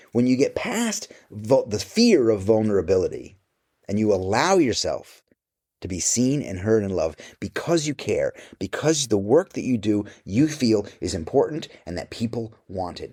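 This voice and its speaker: A man's voice: mid-range voice, darkish tone, slightly rough. A middle-aged man answering interview questions about his life and work, candid, blunt and profane.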